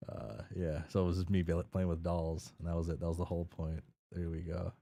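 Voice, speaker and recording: A man's voice: low-pitched, steady tone, moderate pace, vocal fry, mellow, dry recording. A man streaming a game, talking casually and rambling as he recaps what he played. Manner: rambling, many fillers and restarts.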